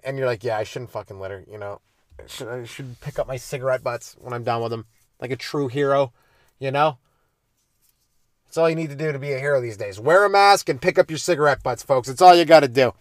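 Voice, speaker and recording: Profane comedian rambling, dry sound. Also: male voice, mid-range voice, no room sound. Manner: loose, profane, meandering, with sudden loud jumps. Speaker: stand-up comedian hosting a podcast. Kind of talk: casual rambling storytelling. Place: sitting in his car in a driveway at night.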